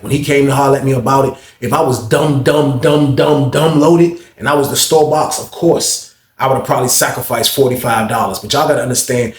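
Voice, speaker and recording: Animated New storyteller, echoey room. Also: male voice. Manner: acts out other people's voices, jumps high when excited. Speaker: storyteller recounting prison life.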